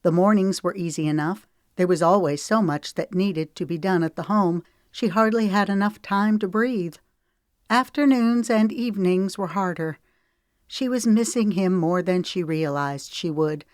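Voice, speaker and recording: A woman reads her own novel aloud, measured and expressive. Her voice is fairly low and the sound is dry and close, with no room echo. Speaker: author reading her novel. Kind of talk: audiobook narration.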